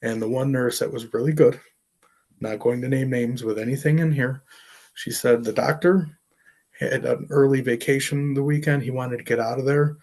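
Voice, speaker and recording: A middle-aged man, an artist, telling a personal story in an interview, earnest and emotional, halting with fillers. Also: medium pitch, steady tone, a little mellow. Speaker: artist and professor.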